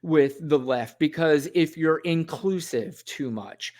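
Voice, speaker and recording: A man's voice: on the high side, slow, a little mellow. A man hosting a podcast, talking frankly and casually about politics. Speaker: podcast host.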